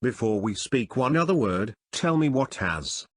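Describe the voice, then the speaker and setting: A man's voice: medium pitch, animated, a little slow, no room sound. A man reading the lines of an eager, impetuous army captain in an audiobook. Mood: impatient. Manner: urgent, impetuous.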